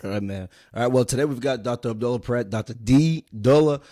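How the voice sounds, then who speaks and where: A man hosting a podcast who talks in an energetic, casual, slangy way. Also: medium pitch. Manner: energetic, slangy, fast-talking. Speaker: podcast host.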